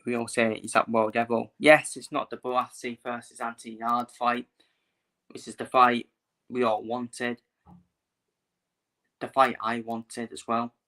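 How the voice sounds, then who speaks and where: A boxing vlogger talks casually to his live stream viewers in a medium-pitched, level voice that is bright and forceful. He speaks a little slowly with long pauses, often repeats his phrases, and fills gaps with "uh."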